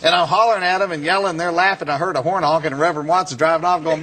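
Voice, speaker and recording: A man giving a speech, telling a story to an audience in an animated, chuckling way. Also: a little high, very fast, background noise. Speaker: speaker.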